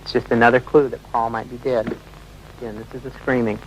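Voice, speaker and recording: A man's voice: mid-range voice, little pitch movement, fairly quick, a little hiss or hum, poor audio. A man working as a radio DJ, explaining on air and talking listeners through audio clips.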